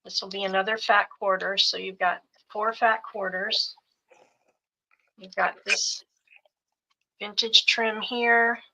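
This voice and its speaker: A middle-aged woman walks through craft bundles one item at a time, in no hurry. Her voice is bright and forward, and she lists each piece with a soft, unhurried cadence. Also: medium pitch, flat delivery, rough recording. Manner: unhurried, listing items one by one. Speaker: seller showing craft bundles. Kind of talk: slow live sales show-and-tell.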